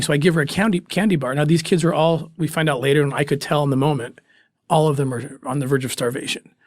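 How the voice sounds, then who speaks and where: An earnest middle-aged man recounts a story as an interview guest, his voice pitched a little high. He halts now and then as emotion catches him, and the sound is close and dry. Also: dry recording. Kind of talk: emotional first-person storytelling.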